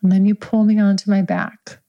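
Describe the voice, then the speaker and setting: A woman's voice: mid-range voice, little pitch movement, brisk, mellow, lo-fi sound. A woman host improvising an erotic story in the second person, intimate, frank and profane, lingering on her words. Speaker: podcast host.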